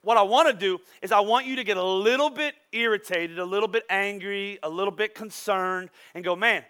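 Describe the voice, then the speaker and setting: A pastor delivers his sermon in an animated, chatty way, full of playful asides to the congregation. His voice sits high for a man and has a bright, forceful edge. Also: a little fast, clear, resonant tone.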